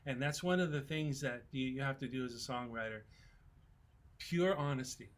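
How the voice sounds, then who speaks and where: A man in his sixties, a songwriter on a festival panel, telling relaxed, folksy stories in casual talk. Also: medium pitch, moderate pace.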